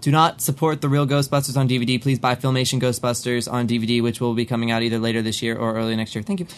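A man's voice: fast talker, smooth. A man co-hosting a casual podcast, joking, laughing often and swinging his voice around. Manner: jokey, laughing, lively swings in pitch. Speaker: podcast co-host. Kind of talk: casual chat.

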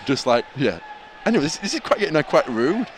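A man's voice: a little high, fast, a little hiss or hum. A man co-hosting a podcast live from a football stadium, teasing and laughing as he talks. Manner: lively, giggly, teasing. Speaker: podcast co-host. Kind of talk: casual live banter. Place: outdoor football stadium stands. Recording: stadium music playing behind.

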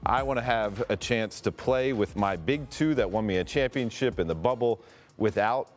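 A man's voice: on the low side, normal speed, soft background music, natural voice. A man improvising as a scheming basketball team general manager on a podcast, with wry, laid-back dealmaking banter. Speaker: basketball reporter. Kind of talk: improvised role-play on a podcast.

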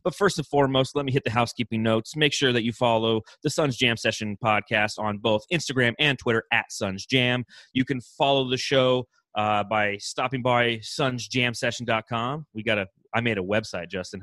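Guy, podcast host, bright punchy voice, dry close mic, jokey energy. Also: medium pitch, normal speed, few pauses, dry recording. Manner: energetic, joking, hypes the team. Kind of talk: casual sports podcast chat.

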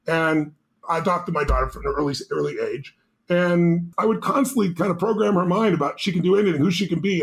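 A man as a podcast guest, telling a motivational story with emphatic, urgent punch. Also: high-pitched.

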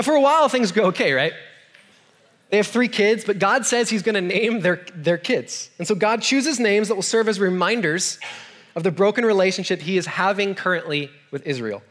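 A man's voice: sits high, animated, brisk, fairly bright tone. A man, a youth pastor, giving a sermon in a conversational, storytelling way, with jokey asides and questions to his audience. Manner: joking asides and self-deprecating humor.

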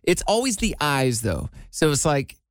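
A man's voice: fairly high pitch, sing-song, moderate pace, dry recording, studio quality. A man from Iowa, a radio host, chatting casually and drawing his words out. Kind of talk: casual chat.

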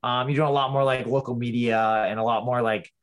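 A man's voice: mid-range voice, fairly even intonation, a little fast. A man talking as a guest in a casual interview, rambling with lots of restarts and fillers. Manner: rambling, many restarts and "you know". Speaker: fighter, guest.

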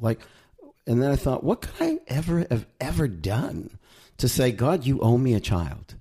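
A man's voice: medium pitch, mellow. A man, an author and guest, speaking thoughtfully in a reflective conversation.

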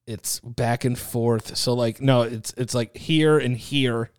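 Picture a man in the middle of a podcast, reading out the rules of a party game in a loose, offhand way. His pitch sits in an ordinary middle range. He peppers his talk with swearing and jokey asides to his co-host. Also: fairly even intonation, slow pace, clear, resonant tone. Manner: loose, profane, joking banter. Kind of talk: casual chat, reading game rules aloud.

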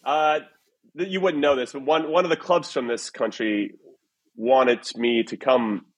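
A man's voice: medium pitch, steady tone, measured pace, husky. A man hosting a casual soccer podcast, upbeat and playful as he runs a word quiz with his co-hosts over a video call. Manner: upbeat, playful quizmaster banter. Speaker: podcast host. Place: away from his usual recording spot.

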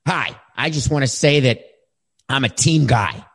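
A man doing a meek young quarterback, high and eager. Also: unhurried, vocal fry, a bit bright, slightly rough, heavily acted. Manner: stiff, overly eager, rehearsed. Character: young male quarterback, meek, reciting a scripted statement.

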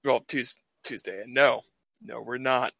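A man's voice: medium pitch, unhurried, creaky, a bit bright. An American man from the United States, a guest player chatting casually and joking with a ready laugh. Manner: jokey, laughs often. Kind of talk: casual chat.

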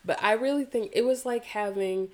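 A woman's voice: fairly high pitch, normal speed, a little mellow. A woman from the American South, telling a personal story in an interview, earnest and reflective, with casual swearing. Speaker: yoga practitioner guest.

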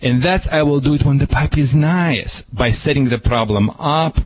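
A man from Russia with a Russian accent, a dog trainer giving animated, punchy advice on a radio show and repeating his key phrases. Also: mid-range voice, normal speed, husky, rough recording. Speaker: dog trainer answering a caller. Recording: radio broadcast.

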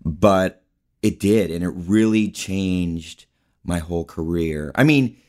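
A man's voice: deep voice, takes it slowly, a little mellow. A man guest on an interview show, telling stories in a rambling, casual way, often saying "like" and "you know". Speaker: guest, actor and filmmaker.

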